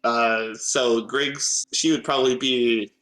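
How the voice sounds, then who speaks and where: A man's voice: medium pitch, fairly even intonation, takes it slowly, a bit bright. A man narrating a tabletop game as game master, hesitant and full of filler sounds.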